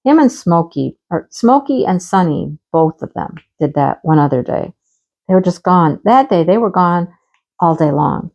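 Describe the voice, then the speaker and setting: A woman's voice: on the low side, lively intonation, moderate pace, vocal fry, a little mellow, muffled recording. A woman hosting a casual crafting chat, telling a story in a chatty way and acting out the dialogue. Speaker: crafting channel host. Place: rural home.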